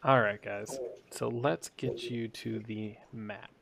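Gravelly-voiced man running a game. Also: on the low side, fairly even intonation, slow, a bit bright, slight background noise. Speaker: dungeon master. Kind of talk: casual tabletop game chat.

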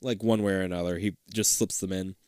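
A man's voice: sits low, fairly even intonation, quick pace, darkish tone, smooth, dry recording, studio quality. A man host reading a book aloud with casual banter and sarcastic, jokey asides.

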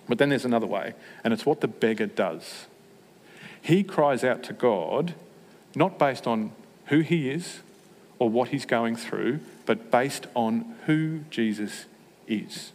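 Male preacher, middle pitch, jokey and self-deprecating, long hall echo. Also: unhurried. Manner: humorous, self-mocking, with animated asides. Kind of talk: sermon.

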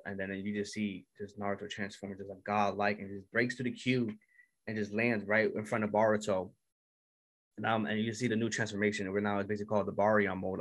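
A man casually recapping an anime episode, excitable and full of "yo" and "like" fillers. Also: fairly low pitch, brisk. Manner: excitable, filler-heavy retelling with "yo" and "like". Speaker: anime reviewer.

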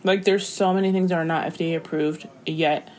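A young woman in casual chat as co-host, emphatic and exasperated, quick to agree. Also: low-pitched, steady tone, darkish tone, a little hiss or hum.

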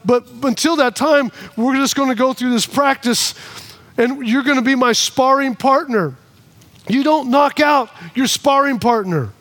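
Guy preaching in church, really high voice, animated, acts out the back and forth. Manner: animated, repeats phrases, acts out both sides of arguments. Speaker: pastor. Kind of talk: sermon with personal stories. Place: church in front of a congregation.

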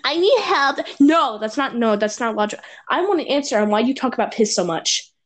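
A woman's voice: fairly high pitch, animated, fairly quick. A woman co-hosting a casual podcast chat, teasing her friend, ranting and swearing a lot, with mock impressions of other people. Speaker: podcast co-host.

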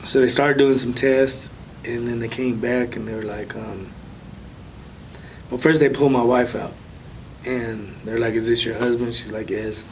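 A man casually recounting a personal story of faith as an interview guest, soft-spoken with light nervous laughs. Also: steady tone, a little slow, long pauses. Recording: distant mic with faint low rumble.

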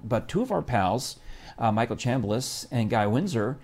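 A man's voice: medium pitch, animated, moderate pace, a little mellow. Man, live show co-host, casual chat, rambling, restarts often.

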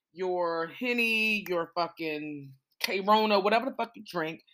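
A woman's voice: medium pitch, a bit bright. A woman in her thirties hosting a casual solo podcast, chatty and rambling, swearing freely and calling her listeners y'all. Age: 30s. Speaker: podcast host.

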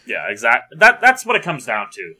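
A young man talks casually on a music podcast, thinking aloud and hedging his opinions. His voice is bright, and his pitch moves a lot. He comes across as lively. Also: normal speed, slightly rough. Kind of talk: casual chat.

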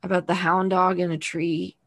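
A woman's voice: on the low side, little pitch movement, normal speed, dry recording. A woman podcast host from the US South, talking earnestly and thoughtfully with a guest in a casual interview.

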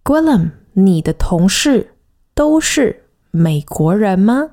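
Woman, podcast language teacher, warm mellow tone, clear explanations, slow careful example words. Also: medium pitch, very animated.

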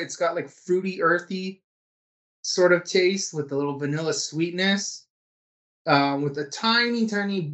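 A man co-hosting a casual podcast, talking in a relaxed, rambling way with lots of fillers. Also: on the high side. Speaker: podcast co-host. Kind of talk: casual chat.

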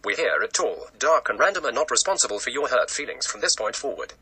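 A man reading a mock-formal warning disclaimer for a comedy show in a deadpan, official-sounding way. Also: medium pitch, quick pace, husky, poor audio. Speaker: show announcer.

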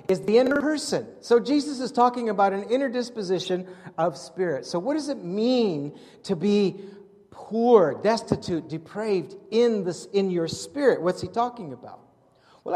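A man preaching a sermon in an animated way, acting out scenes from the Gospels in different voices. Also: high-pitched. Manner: animated, acts out Bible scenes with shifting voices. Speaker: pastor. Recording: long hall reverb.

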